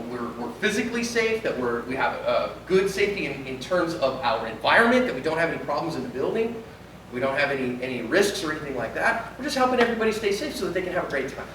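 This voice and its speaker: Animated pastor speaking in an echoey hall. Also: male voice, on the high side, quick pace, far from the mic, slight background noise. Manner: animated, acts out little dialogues. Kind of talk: conference talk. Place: large conference hall.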